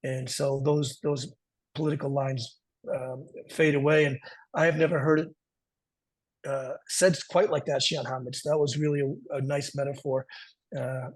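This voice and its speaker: A man speaking as an interview guest, measured and reflective, thinking aloud as he talks. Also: medium pitch, little pitch movement, poor audio. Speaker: karate instructor guest. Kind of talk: conversational interview.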